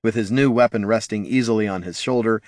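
A man narrating an audiobook in an expressive storytelling manner. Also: lowish voice, fast talker, no echo.

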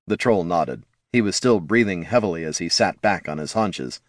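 A man narrating a fantasy audiobook in a lively, expressive reading style. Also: deep voice, moderate pace, dry recording, studio quality.

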